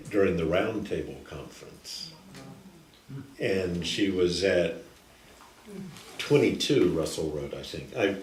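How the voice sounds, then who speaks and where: An older man telling personal stories slowly and haltingly, often restarting his sentences. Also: low-pitched, slight background noise. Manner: slow, halting, with frequent restarts. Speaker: guest storyteller. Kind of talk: recorded personal storytelling. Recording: echoey room, distant mic, faint ambience.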